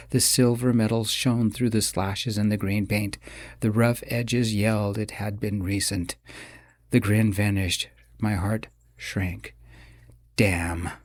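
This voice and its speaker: A man narrating a first-person romance audiobook in an expressive, dramatic way. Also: lowish voice, no room sound, studio quality.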